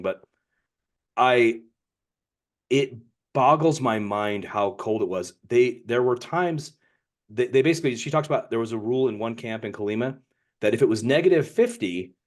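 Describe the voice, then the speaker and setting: A man's voice: lowish voice, expressive, a little fast. A man co-hosting a book podcast, talking casually and rambling, often repeating words as he restarts. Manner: rambling, repeats words, reads passages aloud. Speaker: podcast co-host.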